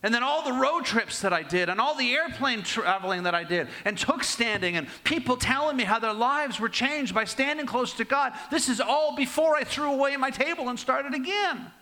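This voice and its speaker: An older man preaching a sermon and telling personal stories, swinging between raised and hushed delivery. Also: very high voice, animated, moderate pace, hardly any pauses.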